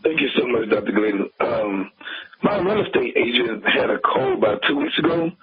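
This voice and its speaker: A man calling in to a radio show, explaining earnestly and haltingly with fillers. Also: medium pitch, very animated, slightly rough. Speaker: caller. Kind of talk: phone-in call to a radio show. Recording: tinny phone line on radio.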